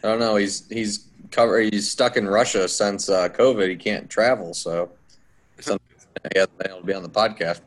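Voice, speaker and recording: A man co-hosting a podcast in relaxed, matter-of-fact chat. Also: on the low side, moderate pace. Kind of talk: casual chat.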